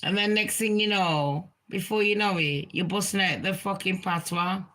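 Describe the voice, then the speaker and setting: A woman's voice: medium pitch, moderate pace, fairly bright tone, poor audio. A woman chatting casually as a celebrity gossip vlogger, rambling and swearing freely. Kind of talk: casual chat.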